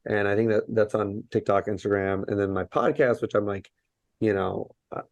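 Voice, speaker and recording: A man's voice: fairly low pitch, flat delivery, moderate pace, dry recording, highs cut off. A man in his thirties, a podcast guest speaking earnestly with many fillers in casual conversation.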